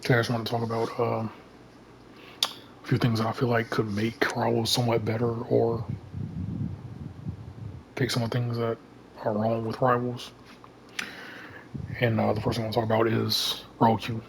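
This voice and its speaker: Flat-voiced man rambling about a game. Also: mid-range voice, normal speed, creaky, pauses often, background noise. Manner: rambling, heavy use of "you know" and "like". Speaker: gaming YouTuber. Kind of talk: casual vlog commentary.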